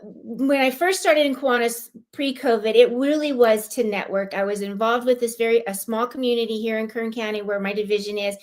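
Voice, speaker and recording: A woman from California, a guest on a live-streamed club show, telling a personal story in a heartfelt, animated way. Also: a little high, fairly quick. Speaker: guest, club lieutenant governor.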